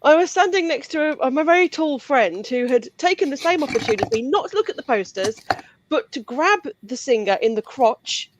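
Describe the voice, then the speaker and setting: A woman, a comedian telling a comic anecdote in an animated way. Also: high voice, moderate pace, noisy background. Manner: animated storytelling. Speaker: comedian panelist. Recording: dull, dry sound.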